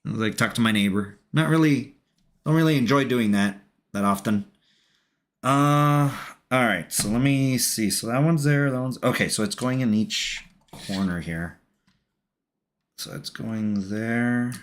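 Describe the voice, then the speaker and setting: A man's voice: medium pitch, a little slow. A young man chatting loosely on a home livestream, telling a story in a rambling, filler-heavy way while he builds. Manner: loose, filler-heavy, says "dude" and "it's like" constantly. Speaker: livestream host building a Lego set.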